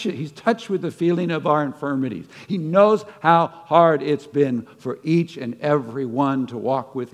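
A man preaching a sermon in a conversational way, stumbling over restarts, laughing at himself, then rising to fervent peaks. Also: medium pitch. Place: church sanctuary. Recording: long hall reverb.

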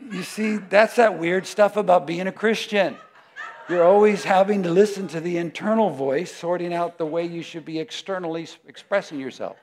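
A man preaching a sermon in a conversational, animated way, often laughing and acting out voices. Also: sits high, moderate pace.

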